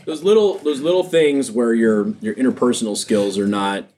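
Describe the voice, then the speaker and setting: A man's voice: medium pitch, normal speed, dark tone. A man co-hosting a podcast, chatting casually and joking with a laugh. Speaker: podcast co-host, veteran. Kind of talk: casual chat.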